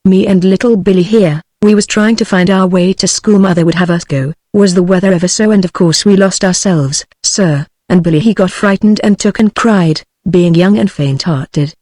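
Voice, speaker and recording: A woman's voice: on the low side, normal speed, few pauses, warm tone, no echo, clean studio sound, natural voice. A synthetic woman voice reading a polite boy hedgehog. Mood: respectful. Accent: British English. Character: polite young male hedgehog child.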